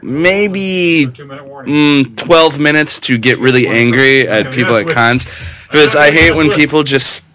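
Wisecracking man with bright voice. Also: mid-range voice, slow. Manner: wisecracking, crude jokes. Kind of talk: casual chat.

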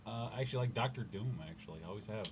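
A man who manages a comic shop, joining a casual roundtable chat and firing off quick, wisecracking interjections. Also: fairly low pitch. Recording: muffled lo-fi audio with faint room noise.

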